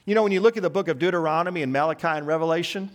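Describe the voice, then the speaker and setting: A man's voice: fairly high pitch, very fast. A man preaching a sermon, emphatic and building long repeated lists.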